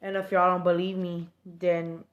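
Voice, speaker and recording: Brief: a woman reading a smug boy assassin in a homemade story, slow, low, hushed. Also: level tone, roomy sound, lo-fi sound, close to an everyday voice. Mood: taunting. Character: cocky all-knowing boy assassin, male.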